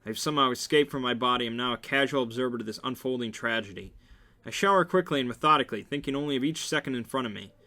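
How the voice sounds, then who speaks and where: A man's voice: medium pitch, racing, pushed and bright. A man reading a romance novel aloud in a casual amateur way, with small slips and restarts. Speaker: reader.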